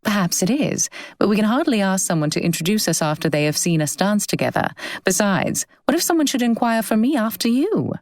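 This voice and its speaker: A woman narrator voicing a spirited, quick-witted young woman with lively, arch retorts. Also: medium pitch.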